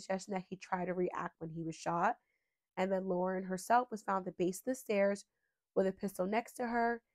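Hosting a true crime channel, this woman talks with heartfelt emotion in a lowish voice. At moments she holds back tears, and her speech wanders with plenty of fillers.

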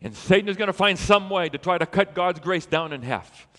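A man preaching a sermon as a pastor, telling a story in an animated way and building to emphatic peaks. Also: sits high, brisk, in a large hall.

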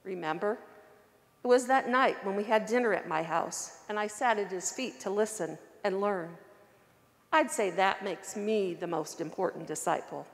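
A woman's voice: mid-range voice, moderate pace, big-room sound, close to an everyday voice. A woman reading the lines of an eager, insistent female disciple in a children's story told in church. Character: eager female disciple, hostess who listens.

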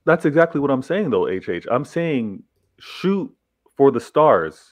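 A man's voice: medium pitch, very animated, measured pace. A man arguing his point in a casual football debate, repeating himself and laughing at times. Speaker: football pundit.

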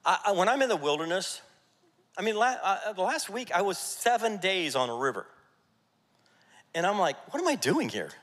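A man preaching a sermon as pastor, energetic and jokey, rallying his congregation. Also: high voice, a little slow, pauses often. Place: church sanctuary. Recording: church hall reverb.

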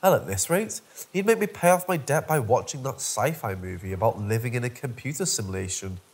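Guy reading a creepy story out loud, husky voice, goes up and down a lot, kinda dry and wry about it. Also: mid-range voice, lively intonation, brisk. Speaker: horror story narrator. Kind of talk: scripted first-person horror narration.

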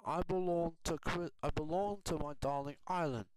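A man from Houston giving a rambling, chatty update vlog from a quiet home, laughing often. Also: a little high, fairly even intonation, moderate pace, no room sound. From Houston, Texas. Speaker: video blogger. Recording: noisy home recording with clicks.

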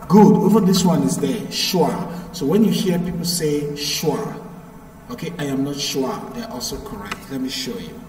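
A man with a medium-pitched, darkish voice teaches English pronunciation to a live class at normal speed, patiently repeating points to drill them. The recording is roomy, echoey, and distant, taken in an echoey classroom.

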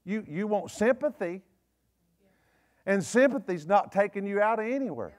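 High-voiced Southern preacher man. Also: expressive. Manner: folksy, joking preaching with quick asides and laughs. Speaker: bishop preaching. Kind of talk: sermon. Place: church service.

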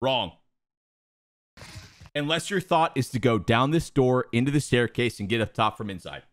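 A young man coaching viewers over gameplay, profane and exasperated, repeating words rapid-fire. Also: medium pitch, no echo. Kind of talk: live gameplay coaching commentary.

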